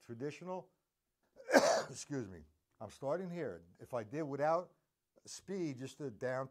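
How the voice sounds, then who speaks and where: A man's voice: mid-range voice, lively intonation, a little slow, long pauses, soft background music. A man teaching a live drum lesson, rambling between points and counting beats aloud as he plays.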